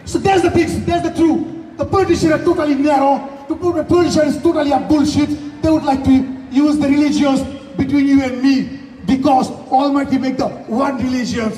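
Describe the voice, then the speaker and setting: Shouting man at an echoing outdoor rally. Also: very high voice, fairly even intonation, fairly quick. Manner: shouting, indignant, repeats rhetorical challenges. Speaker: protest speaker. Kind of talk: impassioned protest speech. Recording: echoey distant rally recording. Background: faint crowd and ambient noise.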